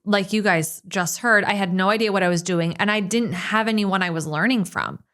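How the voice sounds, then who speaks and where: A woman's voice: medium pitch, normal speed, a bit bright. A woman hosting a podcast, talking in a casual, enthusiastic and emphatic way. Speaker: podcast host, business owner.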